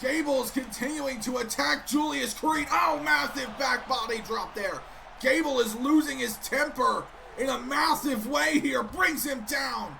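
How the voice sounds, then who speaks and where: A man gives excitable play-by-play commentary on a wrestling video game, repeatedly cutting himself off with sudden interruptions. His voice is very high-pitched and gravelly, his pace measured, with slight background noise behind him.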